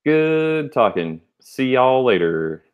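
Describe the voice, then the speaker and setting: In a muffled recording, a young podcast co-host rambles casually, full of fillers and restarts. His medium-pitched voice is smooth, very animated, and slow.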